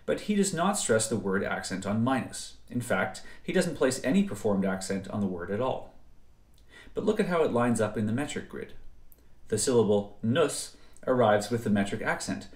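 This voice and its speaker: Male lecturer, measured scripted narration, deeper voice, roomy reverb. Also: animated, darkish tone. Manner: measured, precise explanatory delivery. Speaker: music theory lecturer. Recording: roomy echo.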